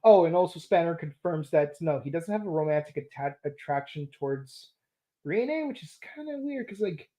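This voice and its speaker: A woman's voice: sits low, normal speed. A young woman hosting a podcast, reviewing an episode casually, laughing often and acting out lines from the show. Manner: animated, laughs often, acts out quoted lines. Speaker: podcast host.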